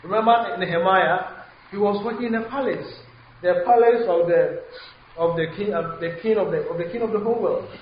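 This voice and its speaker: A man preaching a sermon, switching between English and Twi, halting with many fillers and restarts. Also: high-pitched. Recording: very echoey hall, dull lo-fi sound, faint hiss.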